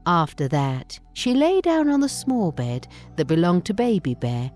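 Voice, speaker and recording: A woman narrating a bedtime story in a slow, gentle, expressive reading. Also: on the low side, faint music behind.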